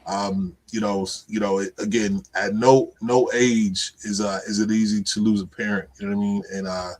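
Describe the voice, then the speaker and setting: A man's voice: on the low side, little pitch movement, moderate pace, a little mellow, low-quality recording. A man hosting a casual podcast, talking earnestly and often asking "you know what I mean". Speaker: podcast host.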